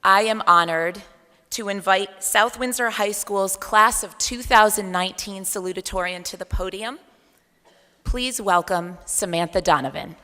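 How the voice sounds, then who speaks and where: Slow-speaking woman in a reverberant hall. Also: mid-range voice, bright, forceful tone. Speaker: school staff introducing a speaker. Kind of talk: formal introduction speech. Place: large hall. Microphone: podium microphone.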